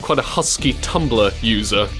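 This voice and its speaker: Giggly young radio host. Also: male voice, fairly low pitch, expressive, unhurried, faint music behind. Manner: giggly, slipping into silly voices. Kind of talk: casual chat.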